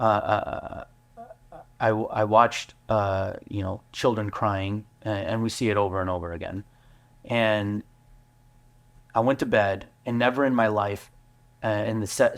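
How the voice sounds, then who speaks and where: A man, a business owner, telling his story in an interview, earnest and halting with many fillers and restarts. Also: on the low side, gravelly. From United States. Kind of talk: candid interview talk.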